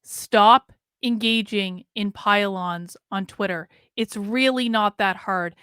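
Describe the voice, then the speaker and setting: A woman's voice: mid-range voice, slow pace, fairly bright tone, clear, resonant tone, no echo, studio quality. A woman commenting on a video she is watching, talking straight to her audience in a blunt, exasperated way. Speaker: commentator reacting to a documentary. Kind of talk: casual reaction commentary.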